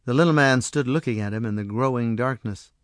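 Calm male storybook narrator. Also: mid-range voice, a little fast, no echo. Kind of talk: storybook reading.

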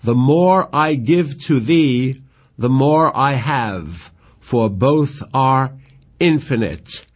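A man reading Juliet, an earnest young woman in love, in slow tender verse recitation. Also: medium pitch, animated.

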